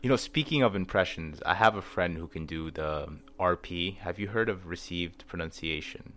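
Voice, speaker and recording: A man with a very deep voice that still has a bright, sharp edge, talking in a casual podcast chat. He explains things loosely and leans on filler words. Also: normal speed. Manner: explains with many fillers, "like" and "you know". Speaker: podcast co-host.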